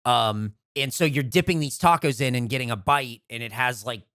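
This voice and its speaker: A man on a podcast talks casually and hesitantly. He fills his sentences with pauses as he searches for words. The sound is dry and close to the mic. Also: medium pitch, a bit bright, dry recording. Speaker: podcast co-host. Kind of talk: casual chat.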